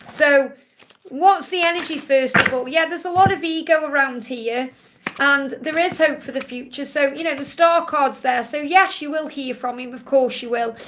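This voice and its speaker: A woman's voice: high voice, normal speed, a bit bright, slight background noise. A woman doing a live-stream tarot reading, reassuring her viewers in a soothing way and often repeating her phrases. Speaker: tarot card reader.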